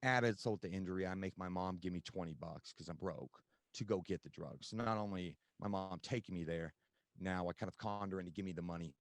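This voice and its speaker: A man's voice: low-pitched, fairly quick, no room sound. A man telling his recovery story as a podcast guest, candid and conversational with frequent fillers.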